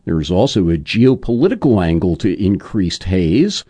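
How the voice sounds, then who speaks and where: A male news reporter reads a scripted segment, his pitch swinging widely from high to low on nearly every phrase. The sound is dry and close, with no room around it. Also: normal speed, dry recording. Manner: lively, sweeping newsreader delivery.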